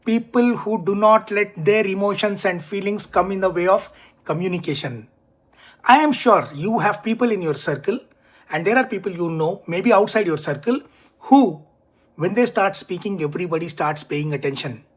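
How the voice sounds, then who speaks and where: Man, high voice, writing coach, emphatic, deliberate online lesson. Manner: clear, emphatic, deliberate teaching delivery. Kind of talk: scripted online English lesson.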